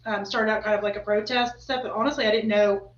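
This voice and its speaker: A woman's voice: mid-range voice, steady tone, fast. A woman hosting a podcast in casual chat, talking in a rambling, chatty way full of fillers. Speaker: podcast host. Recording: roomy, slightly dull recording.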